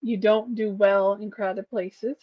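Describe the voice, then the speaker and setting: A woman co-hosting a casual podcast, speaking softly as she works through a list and ties each point to her own life. Her recording is a bit muffled and lo-fi, and the sound is dry with no room echo. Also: mid-range voice, fairly even intonation, takes it slowly. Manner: soft-spoken, reads points then relates them to herself. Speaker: podcast co-host. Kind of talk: casual chat, reading a list aloud.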